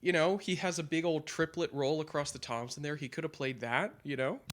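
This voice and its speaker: A man's voice: on the high side, a little fast, slight background noise. A man chatting loosely about a song's drum part, full of fillers, sometimes scatting the rhythms aloud. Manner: rambling, hesitant with fillers, scats drum and guitar patterns aloud. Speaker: drummer explaining a song. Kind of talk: casual practice-session chat.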